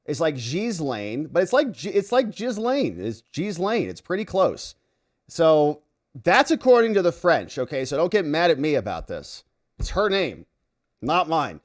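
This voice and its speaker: Male livestream host, lively pitch, chatty, reads chat out loud. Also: normal speed. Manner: reads viewer comments aloud and reacts.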